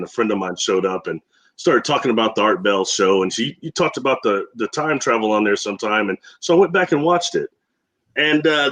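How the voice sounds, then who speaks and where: A man's voice: fairly low pitch, a bit bright. A man who is a guest on a radio talk show, telling rambling stories with frequent laughs and acting out the voices of people he quotes.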